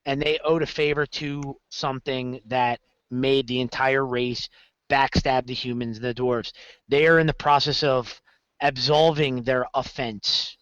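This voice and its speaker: A man's voice: medium pitch, unhurried, smooth, no echo, lo-fi sound. A man chatting casually on a podcast about running his games, rambling and correcting himself as he goes. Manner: rambling, self-correcting, animated storytelling. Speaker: game master guest.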